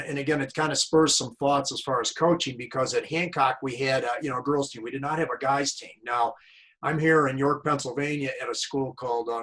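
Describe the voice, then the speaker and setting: Male host, conversational storyteller, average pitch, video call. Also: a bit bright, rough recording. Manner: chatty, tells anecdotes. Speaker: host and tennis coach. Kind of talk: casual interview chat.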